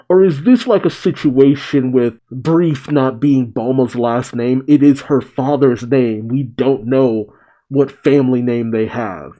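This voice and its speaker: Male host of a manga reaction channel, warm and relaxed tone, excitable, laughs readily. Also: medium pitch, a little slow. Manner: animated, breaks into laughter and exclamations. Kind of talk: reading a manga chapter aloud with commentary.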